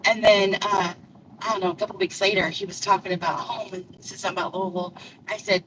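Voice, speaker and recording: A woman's voice: mid-range voice, little pitch movement, fast. Older Kentucky woman, country accent, rambling chatty delivery driver streaming from her car, mic a bit far off with faint road noise. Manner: rambling, chatty, self-deprecating. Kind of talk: casual chat. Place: in a car while driving.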